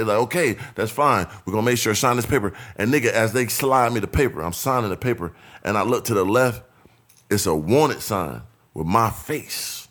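A man's voice: fairly low pitch, fairly quick, a bit bright. A young man telling a story in casual, profane chat, acting out other people's voices and laughing often.

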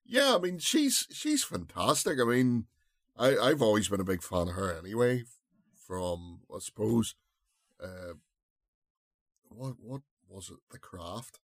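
Low-voiced man musing about films. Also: big pitch swings, measured pace, no room sound, clean studio sound. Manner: rambling, searches for words, many fillers. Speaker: podcast co-host. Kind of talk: casual film review chat.

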